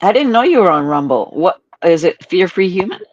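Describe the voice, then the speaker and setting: A man being coached, answering haltingly and often restarting his sentences. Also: high voice, big pitch swings. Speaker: caller seeking coaching. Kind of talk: coaching conversation. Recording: dry, dull lo-fi line.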